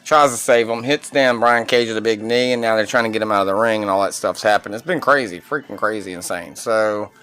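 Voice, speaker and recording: A man with a bright, forceful voice hosts a loose wrestling podcast. He rambles and reacts excitedly, dropping swear words as he goes. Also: on the low side, a little fast, few pauses, smooth. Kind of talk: casual live wrestling review chat.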